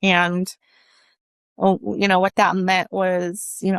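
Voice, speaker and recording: A woman giving emotional personal testimony as an interview guest, speaking earnestly and haltingly with many restarts. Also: lowish voice, completely flat delivery, a bit bright, smooth, no room sound.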